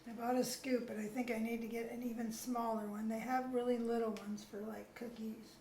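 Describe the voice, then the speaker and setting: A woman's voice: on the high side, little pitch movement, fairly quick, slight background noise. A woman co-hosting a home cooking video, plainly explaining each step as she goes. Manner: practical, explains her steps plainly. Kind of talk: casual kitchen chat. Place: home kitchen. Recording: echoey kitchen with loud clattering dishes.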